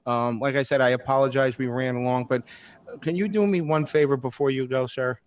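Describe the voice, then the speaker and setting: A man's voice: medium pitch, fairly even intonation, a little fast. A man in his fifties hosting a radio interview, speaking eagerly and politely like a longtime fan. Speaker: host.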